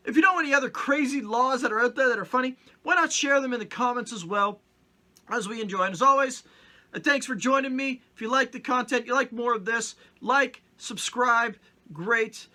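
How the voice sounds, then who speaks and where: A man's voice: very high voice, moderate pace, pushed and bright. A middle-aged man from Canada hosting a casual comedic vlog, joking and acting out little mock-stern scenes. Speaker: vlogger host.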